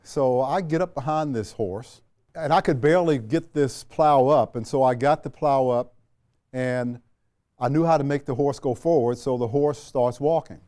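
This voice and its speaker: A man from Washington, D.C. recounts his past in a relaxed, mellow voice, sitting as a guest in an interview. He speaks at a middling pitch, unhurried, with frequent fillers and restarts. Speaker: interview guest, retired general. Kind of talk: reflective storytelling.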